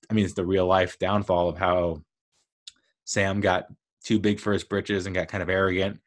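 A man giving a casual, rambling movie review, chatty with frequent laughs and fillers. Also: low-pitched. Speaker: film reviewer.

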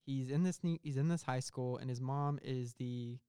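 A young man co-hosting a comedy podcast, pitching an absurd film in a rambling, halting way full of fillers. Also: warm tone, slight background noise. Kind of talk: casual improvised comedy chat.

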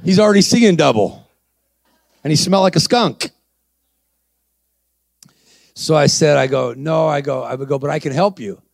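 Gravelly-voiced male preacher acting out a story. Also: on the high side, normal speed, pauses often, no room sound. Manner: acts out dialogue, calls to the crowd. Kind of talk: sermon storytelling.

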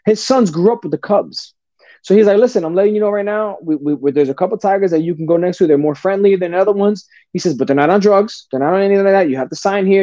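Fast-talking high-voiced man spinning street stories. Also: dry recording. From New Jersey. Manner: animated, swearing, street slang, says bro a lot. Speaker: podcast guest. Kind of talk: casual storytelling. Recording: dull lo-fi dry sound.

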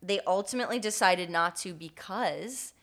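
Casual woman podcast host, slightly low. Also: normal speed, a bit bright. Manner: reads article excerpts aloud, casual and wry. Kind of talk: casual true-crime podcast chat.

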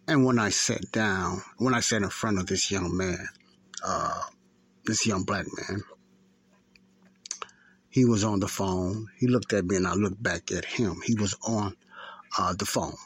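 Gravelly fifty-something man rambling. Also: sits low, a little slow, pauses often, a bit bright. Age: 50s. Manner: rambling, repetitive storytelling with fillers. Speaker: podcast host. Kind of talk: casual spoken testimony.

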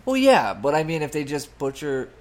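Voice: mid-range voice, big pitch swings, moderate pace, a little mellow. A podcast host chatting casually, asking questions and laughing easily.

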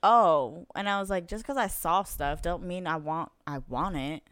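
A young woman co-hosting a podcast, chatting casually as she tells a dating story and voices each person's lines in turn. Her voice is smooth and clear at a middle pitch. It sounds close and dry, with no room echo. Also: moderate pace. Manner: animated storyteller who acts out quoted dialogue. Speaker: podcast co-host.

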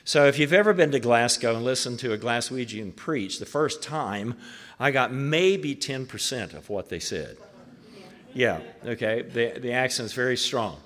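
A man's voice: medium pitch, expressive, moderate pace, a bit bright. Chatty male pastor in an echoey hall. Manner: chatty, with filler words and chuckles. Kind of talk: sermon. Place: church.

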